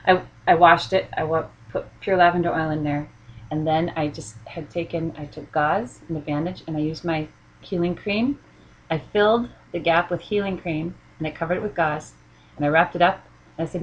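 A middle-aged woman with a husky voice, chatting in a casual storytelling monologue, laughing often and acting out the voices she quotes. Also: deep voice, normal speed, highs cut off.

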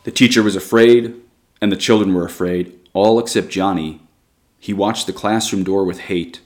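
A man with a lilt reads a short story aloud, slow and deliberate, each phrase set down with care. His voice sits low. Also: steady tone. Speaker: reader.

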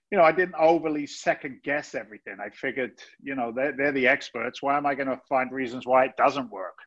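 A man in his fifties from England with a London accent softened by Boston, chatting as an interview guest in a chatty, self-mocking way. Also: medium pitch. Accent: London English softened by Boston. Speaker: guest, real estate investor. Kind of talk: casual interview chat. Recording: dull, muffled audio.

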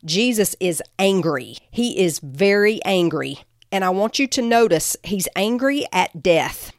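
A woman's voice: lowish voice, no echo. Woman doing a bible teaching, earnest, dry close sound. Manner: earnest, reads scripture aloud with emphasis. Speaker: podcast teacher. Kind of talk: devotional teaching.

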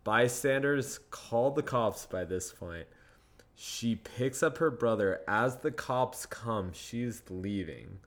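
A young man with a mid-range voice and slow pace appears as a podcast guest, telling stories in casual conversation. He's animated, acting out what people said and laughing often.

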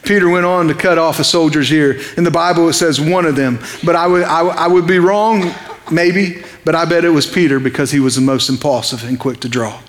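A man's voice: on the high side, brisk, long reverb tail. A man preaching an evening sermon in a conversational, impassioned way, asking his listeners questions.

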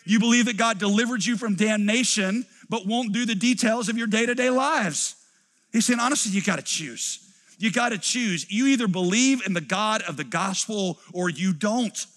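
A middle-aged pastor with a drawl preaches with animated energy. He slips into quoted voices and then drops low for emphasis. His voice is high and bright, and it carries through a long, echoing hall. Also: moderate pace. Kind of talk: sermon. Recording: preached in a large reverberant hall.

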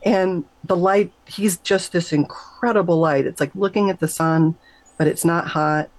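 A middle-aged woman, a nurse, telling an emotional personal story in an interview, animated and emphatic, her voice leaping up whenever she quotes herself. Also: measured pace, no room sound, rough recording. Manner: animated, emphatic, jumps high when quoting herself. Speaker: guest, nurse.

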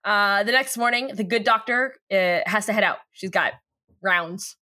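A woman's voice: mid-range voice, normal speed, sharp tone. A woman co-hosting a casual chat, recapping a TV episode with lots of fillers and laughter. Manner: giggly, rambling with lots of fillers. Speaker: podcast co-host recapping a TV show.

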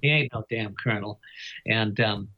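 Older male biographer, low husky voice, chuckling anecdotal delivery, muffled lo-fi recording. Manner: chuckles often, halting with fillers. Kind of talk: interview storytelling. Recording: dull lo-fi recording.

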